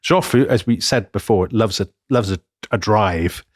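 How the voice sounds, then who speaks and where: A man's voice: on the low side, measured pace, no room sound, clean studio sound. A man, co-hosting a history podcast and telling the story with relish and frequent laughter. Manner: dramatic storytelling, laughs often. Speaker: podcast co-host.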